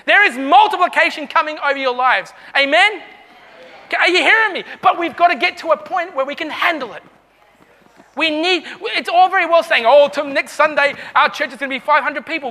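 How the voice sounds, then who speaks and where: High, bright-voiced fervent male preacher. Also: fairly quick, pauses often, in a large hall. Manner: fervent, calls out to the congregation. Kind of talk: sermon.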